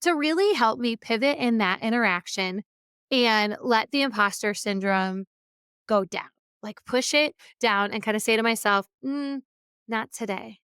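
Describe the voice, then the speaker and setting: Woman podcast host, fairly high, smooth voice; chatty motivational monologue, dry close mic. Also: lively intonation, normal speed, fairly bright tone, no room sound. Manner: conversational, acts out quoted remarks. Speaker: podcast host and keynote speaker.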